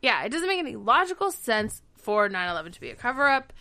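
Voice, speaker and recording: A woman's voice: a little high, sing-song, fast, a crowd in the background. A woman in her thirties from the United States, co-hosting a casual podcast chat and speaking in an emphatic, profane way that gets worked up. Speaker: podcast co-host.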